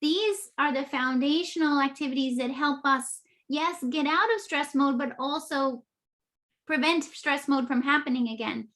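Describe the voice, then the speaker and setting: Female guest, high-pitched, brisk step-by-step explainer. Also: fairly bright tone. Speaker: guest author and naturopathic doctor. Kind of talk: explanatory interview talk.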